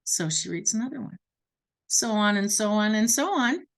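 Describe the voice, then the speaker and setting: Lively woman telling a story. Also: medium pitch, normal speed. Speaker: wellness business coach. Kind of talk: storytelling talk.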